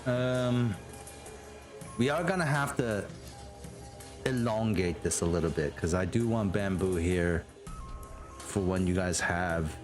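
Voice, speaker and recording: A man narrating a tabletop game as game master, unhurried and full of fillers. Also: deep voice, faint music behind.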